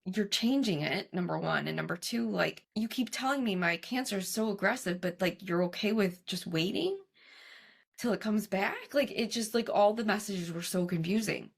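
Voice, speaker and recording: Expressive and at a moderate pace, this mid-range female voice has vocal fry and a breathy edge. She's a young adult guest on an interview show, a cancer survivor and coach who recounts her story casually, imitates other people's words and laughs a lot.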